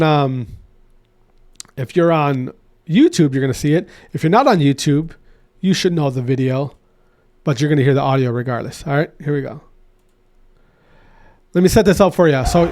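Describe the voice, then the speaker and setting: A man's voice: on the high side, a little mellow. A man hosting his own podcast, ranting in a loose, repetitive way with many restarts. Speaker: podcast host. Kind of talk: solo podcast rant.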